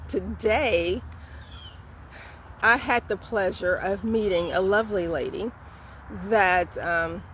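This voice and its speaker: A woman in her fifties, a vlog host, casually retelling a story in a chatty, animated way with fillers. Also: medium pitch, slight background noise. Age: 50s.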